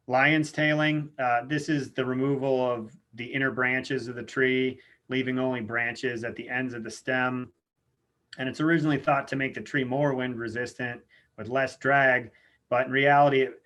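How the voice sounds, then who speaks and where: A man presenting an online webinar lecture in a casual, informal way, often pausing on "uh" and "um". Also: mid-range voice, fairly bright tone. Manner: informal, frequent "uh" and "um" fillers. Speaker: extension lecturer.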